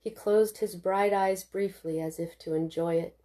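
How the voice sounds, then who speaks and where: A woman reading her own novel aloud in a steady, expressive way. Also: mid-range voice, moderate pace. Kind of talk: audiobook narration.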